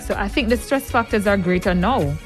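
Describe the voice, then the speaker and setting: A woman co-hosting a relaxed talk show at an ordinary pitch. She talks earnestly and thoughtfully, easy to laugh. Faint music plays under her voice. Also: fairly quick. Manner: earnest, reasoning, laughs easily. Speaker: co-host. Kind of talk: casual chat.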